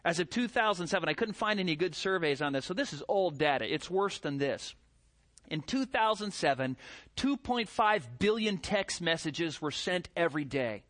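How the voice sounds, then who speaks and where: A middle-aged man preaching a sermon as pastor, animated, with rhetorical questions and mimicked voices. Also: fairly high pitch, moderate pace.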